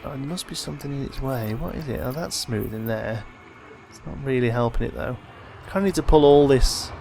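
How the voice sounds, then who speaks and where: A man's voice: medium pitch, brisk, gravelly, faint music behind. A tired man hosting a let's play, casually thinking aloud as he plays, with yawns in his voice. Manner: thinking aloud, relaxed and chatty. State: tired, yawning. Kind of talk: casual gameplay commentary.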